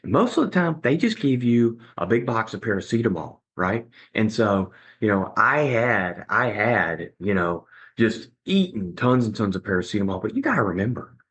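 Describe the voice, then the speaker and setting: Middle-aged male guest, husky and lively, storytelling with voiced quotes. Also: lowish voice, moderate pace, few pauses. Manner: animated, acts out other people's lines. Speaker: podcast guest. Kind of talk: conversational storytelling.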